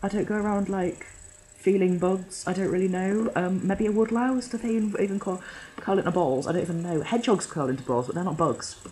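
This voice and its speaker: A young man from Yorkshire talks to camera at home in a loose, sweary, self-deprecating ramble. His voice sits a little higher than most men's. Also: brisk, a little mellow, poor audio. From Yorkshire, England. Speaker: vlogger. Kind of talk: casual solo vlog, answering a questionnaire.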